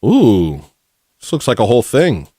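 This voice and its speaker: A man's voice: mid-range voice, wildly swooping pitch, measured pace, mellow, slightly rough, no echo, clean studio sound. A man hosting a livestream, chatting casually and joking as he thanks viewers for donations. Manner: rambling, jokey, reads out super chats. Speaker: livestream host.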